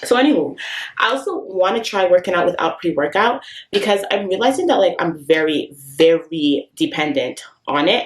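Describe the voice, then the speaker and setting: A young woman from Canada, chatting casually to the camera as a fitness vlogger, expressive and given to dramatic complaints. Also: on the low side, dry recording. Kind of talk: casual vlog chat.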